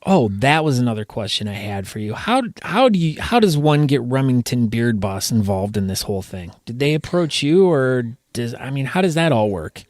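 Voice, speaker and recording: A man's voice: mid-range voice, big pitch swings, moderate pace, few pauses, darkish tone, no room sound, studio quality. A man hosting a podcast, asking questions and teasing his guest playfully. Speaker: podcast host. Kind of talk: casual podcast interview.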